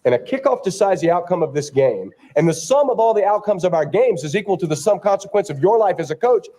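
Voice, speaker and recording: A straight-faced sports anchor on TV, delivering the report like serious news. The voice sits high and swings widely in pitch, which keeps the broadcast lively. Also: male voice, quick pace. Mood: deadpan report. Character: deadpan male TV sports anchor, middle-aged. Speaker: sports anchor in a comedy sketch.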